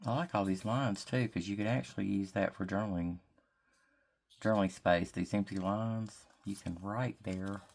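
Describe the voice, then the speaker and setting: A woman's voice: a bass voice, steady tone, vocal fry, darkish tone. A woman from Mississippi with a Southern drawl, chatting and thinking aloud as she works on a craft project at her desk. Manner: chatty, thinking aloud while working, drawn-out words. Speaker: craft vlogger. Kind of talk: casual crafting chat to camera.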